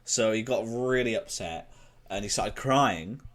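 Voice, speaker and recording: A man's voice: on the low side, unhurried, a bit bright. A British man co-hosting a comedy podcast, telling a made-up adventure in a rambling way, swearing and correcting himself as he goes. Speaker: podcast co-host. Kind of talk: casual improvised comedy chat.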